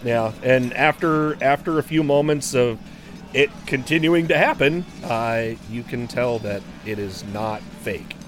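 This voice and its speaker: A man's voice: mid-range voice, fairly bright tone, soft background music. A man narrating a tabletop game as game master, with many fillers and restarts. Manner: halting, frequent fillers and laughs.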